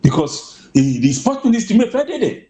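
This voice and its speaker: A man's voice: high-pitched, sing-song, normal speed, warm tone, reverberant. A man with a Nigerian Pidgin accent speaking as a guest in casual commentary, emphatic with stammering restarts.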